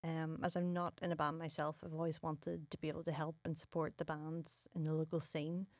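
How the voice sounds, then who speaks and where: A woman with a low voice, introducing herself at an even, steady pace. The recording is close and dry. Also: a little fast, dry recording. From Northern Ireland. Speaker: podcast guest, graphic designer. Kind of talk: prepared self-introduction.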